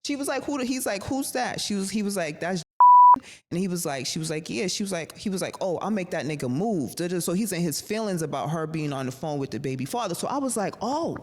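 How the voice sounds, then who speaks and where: A woman's voice: lowish voice, fast talker. A woman guest on a podcast telling a personal story in a casual, slangy and profane way, acting out the voices of the people in it. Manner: animated, acts out quoted voices, slangy and profane. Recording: reverberant room with faint noise.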